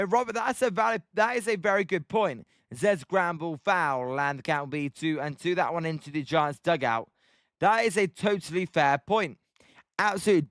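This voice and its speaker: A British man with a light, high voice and a smooth, clean tone, calling each pitch of a baseball game on a live stream. He turns to chat with viewers between plays. The sound is dry and close. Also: no echo. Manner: chatty, answers viewer shout-outs between pitches. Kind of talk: live play-by-play commentary mixed with chat.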